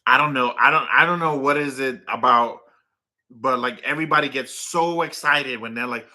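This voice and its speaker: A man chats loosely on a livestream, circling back over his words with plenty of "like" and "um" and breaking off to coo at his dog. His voice is very bright and sharp-edged, with a tense, forceful ring, at a middle pitch. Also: moderate pace. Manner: rambling, filler-heavy, talks to his dog and chat. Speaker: livestream host. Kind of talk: casual livestream chat with viewers.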